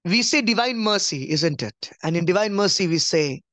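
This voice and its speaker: A man giving a conversational Bible teaching, emphatic, repeating key phrases and dropping to a soft, low voice. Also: lively intonation, moderate pace, dry recording. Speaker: preacher.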